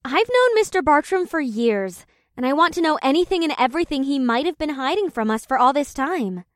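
A man's voice: very high voice, very animated, fairly quick, a bit bright, no room sound, clean studio sound, voice pushed up, full character voice. A man voicing an eager, earnest young woman who is a college student.

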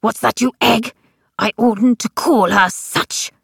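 A woman reading an audiobook and voicing a stern old male marshal who croaks out solemn, scolding speech. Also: a little high, fairly even intonation, takes it slowly, dry recording, studio quality, heavily acted. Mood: contemptuous. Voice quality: croaking, gravelly.

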